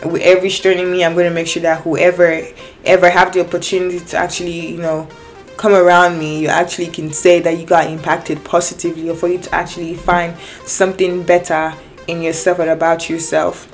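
An excitable young woman chats to her viewers about her own life, and her voice sits a little low. She tells it in an animated way, restarts often and acts out both sides of conversations. Faint music plays behind her. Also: brisk. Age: young adult. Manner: animated, excitable, many restarts and quoted dialogue. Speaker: vlogger. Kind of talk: casual personal storytelling to viewers.

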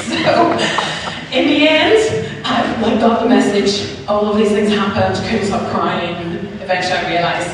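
A woman's voice: medium pitch, animated, unhurried, noisy background. A woman in her thirties with a Northern Irish accent giving a chatty, self-mocking personal testimony as a church speaker, acting out both sides of her conversations. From Northern Ireland. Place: church hall. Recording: echoey hall from far off.

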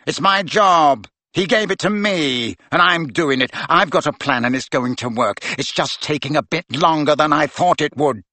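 Man doing a sulky sneering teen boy, defiant n resentful, bright kinda husky voice. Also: medium pitch, lively intonation, moderate pace, no echo. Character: sullen, defiant teenage boy. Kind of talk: audiobook character voice.

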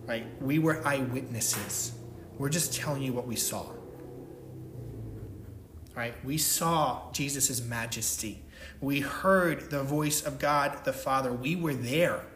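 A man's voice: mid-range voice, a bit bright, roomy sound, a little hiss or hum. A man preaching a sermon, emphatic, stressing his points and checking in with "right?". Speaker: pastor.

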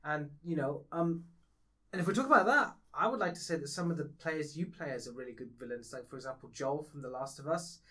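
A man co-hosting a casual podcast chat, animated and laughing often, swinging between loud and soft. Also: fairly high pitch, a little fast. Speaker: podcast co-host.

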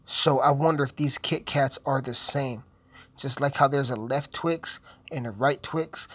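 A man's voice: medium pitch, breathy edge, no room sound. Stoned, foul-mouthed young man rambling. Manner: profane, joking, rambling. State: high. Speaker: video host. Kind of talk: casual rambling commentary.

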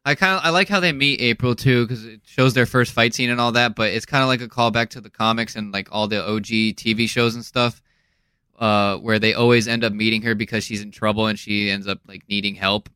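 A man's voice: lowish voice, steady tone, a little fast, pushed and bright, clean tone, no room sound. A man co-hosting a podcast in casual chat, agreeable and easygoing, rambling a little. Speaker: podcast co-host.

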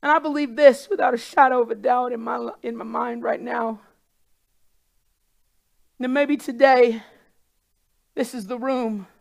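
A woman with a high, creaky voice preaches a sermon to a congregation in a church room. She is impassioned, repeating herself for emphasis and building to loud, crying pleas.

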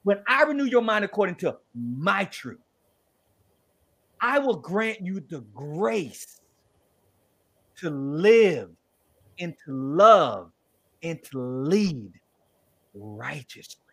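God speaks with slow, solemn tenderness to a beloved daughter, as a man puts the voice on in conversation. The delivery is drawn out and affirming, and the pitch swells and drops widely. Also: big pitch swings, a bit bright, breathy edge, heavily acted. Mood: tender, solemn. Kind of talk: devotional role-play in conversation.

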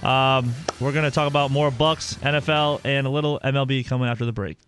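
Joking sports radio host. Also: male voice, medium pitch, steady tone, a bit bright, faint music behind. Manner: rapid, jokey, rambling with restarts. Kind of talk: casual sports talk radio.

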